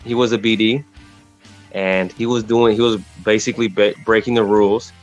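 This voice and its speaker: A man's voice: on the low side, flat delivery, moderate pace, muffled recording, soft background music. A man from Texas telling a story in casual, slangy podcast chat, rambling with frequent restarts.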